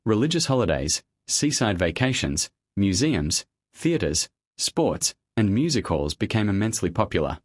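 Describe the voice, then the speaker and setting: A man with a low voice narrates a documentary script at a measured, steady pace. His intonation rises and falls a lot as he tells the story. The sound is dry and close, with no room around it. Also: dry recording.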